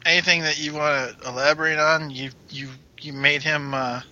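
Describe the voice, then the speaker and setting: A man's voice: a little high, fairly even intonation, normal speed, pushed and bright. A man playing in a tabletop role-play, joking and casual. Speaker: player. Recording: dull lo-fi.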